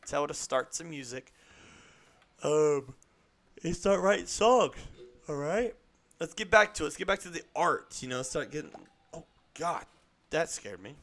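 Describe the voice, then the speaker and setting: A young man streaming a game live, chatting in a rambling, excitable way to his viewers and to the creatures on screen. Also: on the high side, measured pace. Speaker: gaming streamer. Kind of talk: live gameplay chat.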